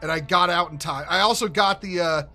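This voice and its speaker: A man giving casual, rambling commentary while playing a game, excitable and swearing, often restarting his sentences. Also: sits high, a little fast, soft background music. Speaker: gaming streamer.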